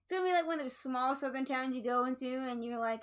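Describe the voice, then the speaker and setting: A woman streamer with a high voice talks fast and casually while gaming, rambling with many fillers and restarts. The audio quality is poor.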